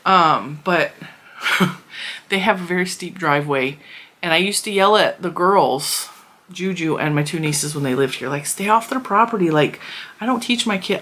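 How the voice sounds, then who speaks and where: Woman, 30s, crochet vlogger; slightly low pitch, chatty and rambling. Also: a bit bright. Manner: chatty, rambling, with frequent fillers and restarts. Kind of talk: casual chat.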